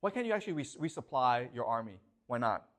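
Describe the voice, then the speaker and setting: A man's voice: medium pitch, very animated, quick pace. A male professor giving a classroom lecture, emphatic and questioning, who keeps checking in with the class.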